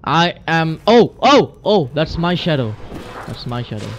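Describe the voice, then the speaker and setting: Man, let's play host, gaming commentary, jumpy exclamations, slightly high voice. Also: very animated, measured pace, slight background noise. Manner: jumpy, exclaiming, talking to himself.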